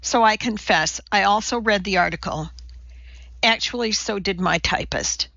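A woman's voice: mid-range voice, normal speed, gravelly, no room sound, lo-fi sound. Woman voicing a wry, lecturing male minister. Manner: calm, lecturing.

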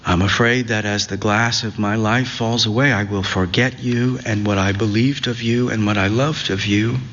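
A man reading literary fiction aloud in a slow, measured, reflective way, his voice at an ordinary pitch. The recording is dull and slightly muffled, and a long reverb trails behind each phrase. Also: fairly even intonation, a bit bright, a little hiss or hum. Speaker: narrator.

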